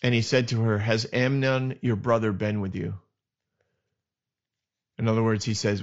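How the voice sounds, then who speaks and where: A man hosting a podcast, retelling Bible stories in a casual, animated way and acting out the characters' lines. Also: lowish voice, normal speed, long pauses. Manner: animated retelling with acted asides. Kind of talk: casual storytelling. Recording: dull lo-fi sound.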